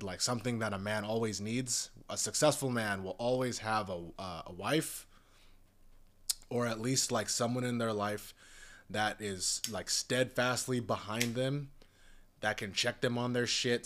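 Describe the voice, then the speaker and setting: Young man, lowish voice, rambling exasperated rant full of swearing. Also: a bit bright. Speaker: commentator. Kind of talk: casual rant.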